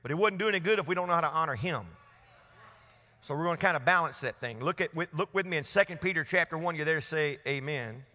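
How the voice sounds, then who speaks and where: High bright-voiced guy preaching, calling back to the crowd, church echo all around. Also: quick pace. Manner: preaching to a congregation, call-and-response. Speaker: pastor. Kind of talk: sermon. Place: church hall. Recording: long church reverb.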